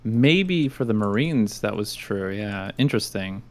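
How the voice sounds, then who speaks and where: A man's voice: lowish voice, expressive, unhurried, darkish tone. A man chatting on a stream call with friends, teasing and needling them. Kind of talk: casual chat on a voice call.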